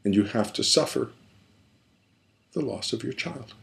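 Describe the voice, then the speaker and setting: A man's voice: medium pitch, lively intonation, a little slow, vocal fry, a little hiss or hum. A man who works as a therapist, explaining a pattern step by step in an emphatic lecture with repeated phrases. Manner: emphatic, repetitive, building points step by step.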